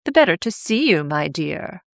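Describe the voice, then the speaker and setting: A woman voicing a sly, hungry male wolf who speaks in a coaxing, falsely gentle way. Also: lowish voice, very animated, moderate pace, creaky, no echo, studio quality. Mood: menacing.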